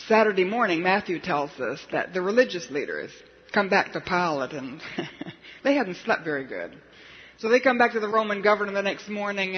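A man preaches in a church, telling a story with drama and acting out its people. His voice sits high and husky. The sound is dull and lo-fi, with a long echo from a large hall. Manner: dramatic storyteller, acts out quotes. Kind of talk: sermon storytelling.

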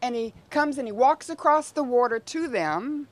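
A woman's voice: high voice, expressive, moderate pace, dry recording. A woman preaching a sermon in a conversational way, with frequent rhetorical asides to her listeners.

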